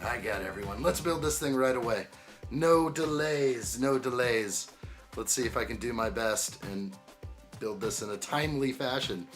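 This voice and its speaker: A man's voice: on the low side, fairly quick, fairly bright tone, faint music behind. A man hosting a building live stream, chatting in an upbeat way and greeting viewers by name. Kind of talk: casual live-stream chat while building.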